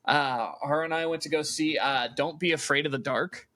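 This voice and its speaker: A man's voice: a little high, normal speed, dry recording. A man co-hosting a casual podcast, telling stories with lots of swearing and laughter. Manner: animated storyteller, swears, laughs through stories. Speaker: podcast co-host. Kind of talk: casual chat.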